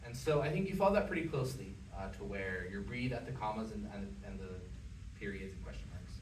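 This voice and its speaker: A man's voice: fairly low pitch, lively intonation, fast. A man giving a one-on-one singing lesson, patient and encouraging, talking with many fillers. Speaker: voice teacher. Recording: echoey room, mic far off, background noise.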